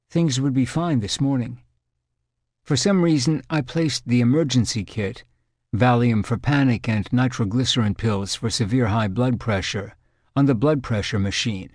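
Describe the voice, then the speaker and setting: A man reading an audiobook, voicing a frightened woman in her thirties who recalls a terrifying experience in halting, earnest words. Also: mid-range voice, darkish tone, no room sound, clean studio sound, lightly acted. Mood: uneasy. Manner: shaken, halting, earnest recollection.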